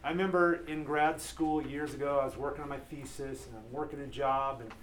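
A man in his thirties preaching an earnest, animated sermon to a men's group as pastor. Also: medium pitch, a little fast, slight background noise. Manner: earnest, animated, acts out quoted voices.

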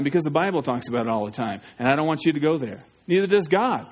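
A man's voice: fairly high pitch, expressive, quick pace. Urgent, pleading preacher man. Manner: urgent, pleading, asks listeners questions. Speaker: pastor. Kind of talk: evangelistic sermon.

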